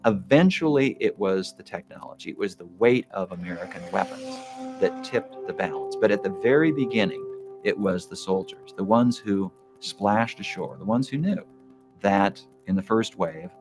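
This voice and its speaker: A man narrates a documentary in a solemn, deliberate manner. His voice is very deep. Faint music plays in the background. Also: animated, a little mellow.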